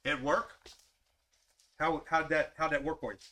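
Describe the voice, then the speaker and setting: Bright-voiced man preaching to a group. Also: on the high side, steady tone, unhurried, slight background noise. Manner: questioning the listeners directly, repeating phrases. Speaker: preacher leading a Bible study. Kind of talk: interactive sermon.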